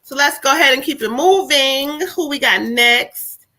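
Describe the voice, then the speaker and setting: A woman's voice: high voice, normal speed, bright, forceful tone. A woman doing live psychic readings on a stream. She talks in a casual, earthy way, swears freely, and passes on spirit messages in quotes.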